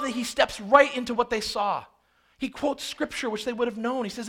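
A male pastor preaching a sermon in a conversational, storytelling way, swinging between loud emphasis and hushed asides. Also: very high voice, normal speed. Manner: conversational and storytelling, acts out scenes.

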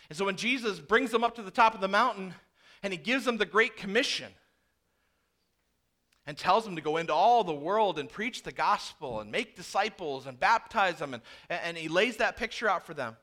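A male pastor in his thirties delivers a sermon in a lively storytelling manner, slipping into the voices of the people in his anecdotes. His voice sits high and sounds bright. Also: fairly quick. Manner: animated storytelling, acting out dialogue. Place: church.

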